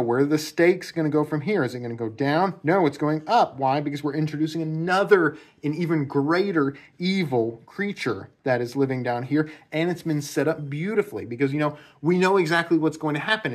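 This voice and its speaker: A man giving a casual spoken analysis of a novel, rambling and repeating himself, with many fillers. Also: medium pitch. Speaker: book commentator.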